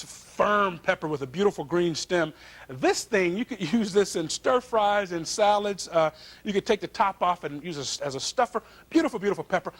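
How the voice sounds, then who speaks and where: Upbeat high-voiced man. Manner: folksy, enthusiastic, addresses viewers directly. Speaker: TV cooking show host. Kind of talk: upbeat cooking show presenting.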